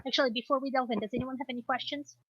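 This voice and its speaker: A woman with a Moscow Russian accent, a native Russian speaker, teaching an online class in a relaxed way with many ums and restarts. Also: high voice, rapid-fire, no room sound. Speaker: class instructor. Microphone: computer mic on a video call. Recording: dull lo-fi video call audio.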